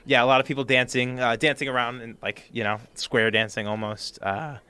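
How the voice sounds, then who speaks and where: A man's voice: medium pitch, little pitch movement, a little fast, bright, forceful tone, smooth. A man narrating as game master in a tabletop game, rambling with many ums and restarts. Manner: rambling, lots of fillers and restarts.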